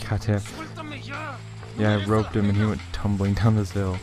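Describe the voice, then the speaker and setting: Low-voiced, cursing man gaming. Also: level tone, moderate pace. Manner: frustrated, swears constantly. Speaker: let's play gamer. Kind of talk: gameplay commentary. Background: game music and horse hooves.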